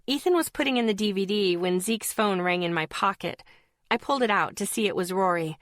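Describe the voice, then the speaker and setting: A woman reading a fantasy audiobook as a first-person narrator in an even, storytelling manner. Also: medium pitch, brisk, no room sound, studio quality.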